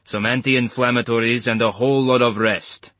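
A man voicing a big, bald male medic with a thick Eastern European accent, calm and matter-of-fact. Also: medium pitch, moderate pace, dry recording, natural voice. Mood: solemn.

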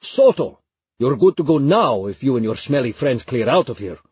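A man voicing a gruff male shopkeeper with a thick Arabic accent, shouting across a store. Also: mid-range voice, very animated, normal speed, no echo. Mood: brusque. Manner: shouted, brusque. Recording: dry, slightly muffled recording.

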